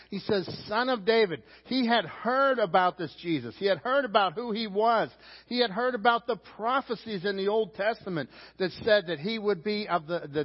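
A pastor with a Pittsburgh accent preaching a sermon, animated, acting out shouted lines from the text. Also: male voice, high voice. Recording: dull sound with long hall reverb.

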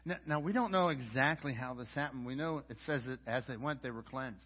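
A man's voice: medium pitch, brisk, slightly rough. A man preaching a sermon as pastor, in a conversational way with frequent stammered restarts. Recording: dull lo-fi audio.

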